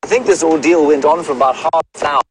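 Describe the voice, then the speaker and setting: This middle-aged man, a safari guide, talks fast in a voice on the high side, answering viewer questions live with wry wordiness. He's outdoors in the bush next to a safari vehicle, and the audio is poor with slight background noise.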